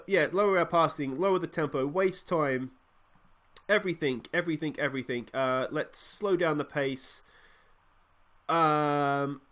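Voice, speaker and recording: Excitable Australian man, bright voice. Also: mid-range voice. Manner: excitable, thinking aloud while clicking through a match. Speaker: let's play host. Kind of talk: video game commentary.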